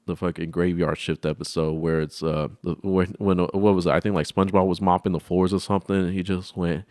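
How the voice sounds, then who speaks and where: Young male host, casual profane storyteller, low-ish voice, dead-dry room, puts on voices for people in his anecdotes. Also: fairly even intonation, quick pace, darkish tone, dry recording. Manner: rambling, profane, acts out voices in his stories. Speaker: podcast host.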